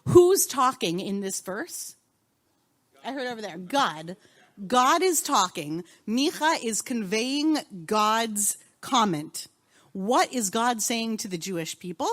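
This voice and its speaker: A woman's voice: a little high, lively intonation, measured pace, a bit bright. A woman rabbi and cantor teaching an interactive Torah class in a synagogue, calling on students and asking the group questions.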